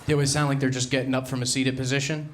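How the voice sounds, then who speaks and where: A young man from New Jersey with a Jersey accent, doing a brash, self-mocking stand-up set and punching out loud acted-out quotes. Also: mid-range voice, little pitch movement, rapid-fire. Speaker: stand-up comedian. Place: comedy club stage. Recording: live room with audible crowd noise. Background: audience laughter.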